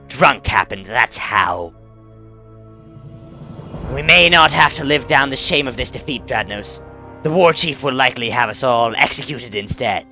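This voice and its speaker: A man voicing a proud, gruff female orc admiral in a fantasy game, with a stern, theatrical delivery. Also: medium pitch, sharp tone.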